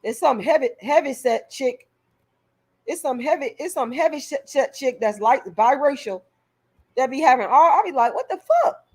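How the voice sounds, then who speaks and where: A woman's voice: on the high side, husky. A woman vlogger delivering a heated, profane rant straight to her viewers, stumbling over repeated words as she pushes her point. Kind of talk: direct-to-camera rant.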